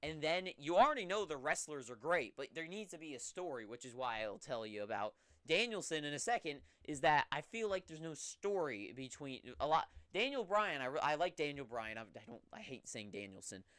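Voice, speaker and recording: A young man hosting a wrestling recap, talking in a casual, rambling, offhand way with sudden excited bursts. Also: a little high, brisk, hardly any pauses, no room sound, studio quality.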